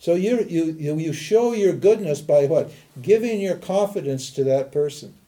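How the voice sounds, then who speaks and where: An older spiritual teacher from Montana, USA, gives an emphatic teaching talk, posing rhetorical questions and answering them himself. His voice is fairly high and mellow, with lively intonation and a moderate pace.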